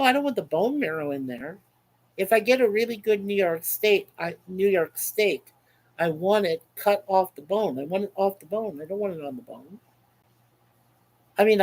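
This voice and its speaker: A man's voice: high-pitched, lively intonation, moderate pace, low-quality recording. Man, webcam livestream host, casual chat, rambling, chuckling, repetitive. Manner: rambling, chuckling, repeats himself.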